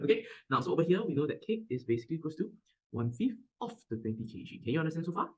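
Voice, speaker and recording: An energetic male math tutor with a Singaporean English accent. His pitch rises and falls widely, and he talks at a fast clip. He keeps checking that his students follow along. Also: rough recording. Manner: animated, keeps checking understanding. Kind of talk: classroom math lesson.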